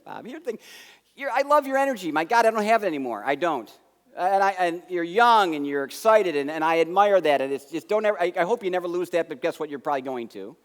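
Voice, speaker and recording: Animated American man in a reverberant hall. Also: high voice. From United States. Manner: animated storyteller acting out dialogue, swinging loud and soft. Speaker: keynote speaker. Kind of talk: conference keynote storytelling. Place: large conference hall.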